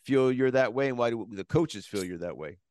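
A man's voice: mid-range voice, animated, a little fast, darkish tone, no echo, studio quality. A man hosting an interview, asking friendly, easygoing questions. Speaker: podcast host interviewer. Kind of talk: casual interview.

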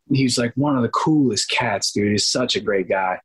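A man, an actor guest in an interview, telling animated stories and acting out quoted dialogue in other voices. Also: mid-range voice, moderate pace, few pauses, slightly rough, poor audio. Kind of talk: casual interview storytelling.

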